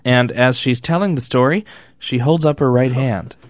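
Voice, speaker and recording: A radio reporter narrating a feature story in a slow, calm, deliberate way. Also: mid-range voice, dry recording, studio quality.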